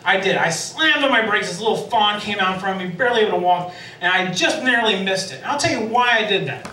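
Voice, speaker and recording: A man's voice: sits high, lively intonation, fast, bright, forceful tone, slight background noise. A man doing a self-deprecating stand-up comedy set as emcee on a sports bar stage, laughing at his own jokes. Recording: echoey bar from a distance.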